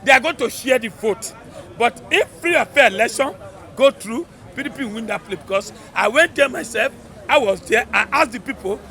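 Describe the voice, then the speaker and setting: A man with a Nigerian accent, talking loudly and emphatically in a rambling street interview. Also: very high-pitched, animated, moderate pace. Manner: fervent, loud, rambling and emphatic. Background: crowd noise.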